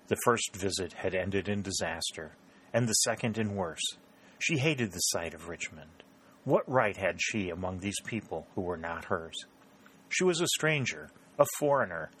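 A man narrating a novel as an audiobook in a measured storytelling delivery. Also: low voice, a bit bright, slightly rough.

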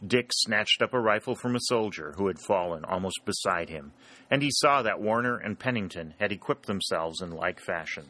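A male narrator reads a war adventure aloud in a steady, dramatic way. His voice sits fairly low. The tone is bright and pressed, with a forceful edge. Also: normal speed. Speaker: audiobook narrator. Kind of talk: scripted narration.

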